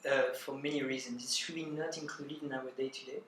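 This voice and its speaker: French-accented young man, interview guest, bright forceful tone, roomy echo with faint ambience. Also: medium pitch, fairly even intonation, slight background noise. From France. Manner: reflective, measured, with hesitations. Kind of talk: casual interview.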